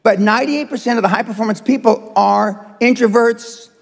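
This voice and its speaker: A high-pitched, gravelly older man lectures a seminar crowd, blunt and profane, jabbing at the audience. His voice rings out in a reverberant live hall. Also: moderate pace. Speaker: seminar speaker. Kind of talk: motivational seminar talk.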